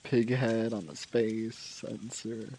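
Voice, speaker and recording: A man's voice: on the low side, steady tone, takes it slowly, dark tone, slight background noise, low-quality recording. A man casually narrating his own video game play, musing aloud with fillers and trailing off.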